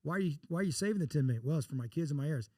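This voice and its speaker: Fast-talking folksy man from Texas. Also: fairly high pitch, expressive, dark tone, no echo, studio quality. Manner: folksy, blunt, acts out dialogue in anecdotes. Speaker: investor guest. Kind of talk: casual interview storytelling.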